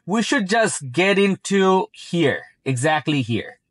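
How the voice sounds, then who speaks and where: A man with a high-pitched, sing-song voice takes it slowly, with slight background noise. English is not his first language; he chats casually while driving a moving car, commenting on its self-driving and often repeating "very" and "like."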